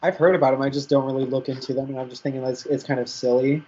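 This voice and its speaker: A man's voice: mid-range voice, flat delivery, racing, darkish tone, husky. A young man co-hosting a podcast in casual chat, telling laid-back stories with frequent laughs and casual swearing. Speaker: podcast co-host. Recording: dull lo-fi podcast audio.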